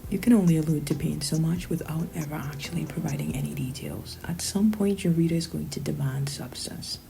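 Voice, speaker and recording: A woman's voice: sits low, brisk, gravelly, dark tone, rough recording. A woman hosting a critical commentary, talking in a sarcastic, pointed way. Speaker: commentary host.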